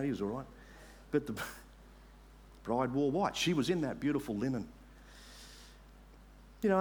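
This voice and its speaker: A man preaching a sermon, making earnest appeals to the congregation and reading scripture aloud slowly. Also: mid-range voice. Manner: earnest, rising to emphatic appeals.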